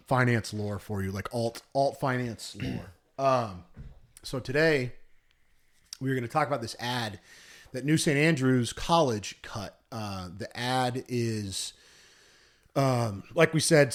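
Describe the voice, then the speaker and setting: A young man co-hosting a podcast in casual chat, telling stories in a rambling way and often correcting himself. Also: medium pitch. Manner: rambling, self-correcting storyteller. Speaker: podcast co-host.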